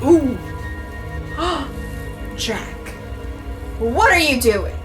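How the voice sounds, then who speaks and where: A woman's voice: high-pitched, big pitch swings, drawn-out words. A woman giving casual reaction commentary, emotional, exclaiming and swearing often. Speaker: reaction video host. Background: episode audio and music.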